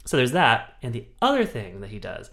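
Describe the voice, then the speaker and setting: A man co-hosting a casual film-review podcast, talking in an animated, profane way and slipping into mocking mimicry. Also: mid-range voice, fairly quick. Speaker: podcast co-host.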